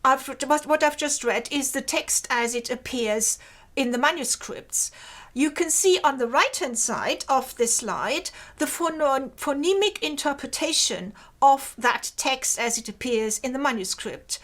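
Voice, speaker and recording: A woman giving an academic lecture over slides. She explains each point step by step in a measured way and points to parts of the slide as she goes. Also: sits high, lively intonation, fairly bright tone.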